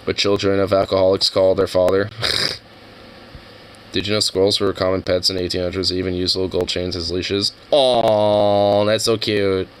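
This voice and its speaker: A young man reacts to videos in a deep, level, unhurried voice, chatting casually in a rambling, profane way full of fillers. The rough recording has slight background noise.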